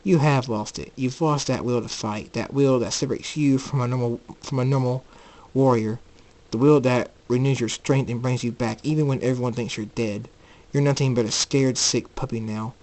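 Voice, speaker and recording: A man's voice: mid-range voice, steady tone, moderate pace, a little mellow, natural voice, low-quality recording. A man voicing a scornful male mentor warrior in a homemade storybook reading, lecturing.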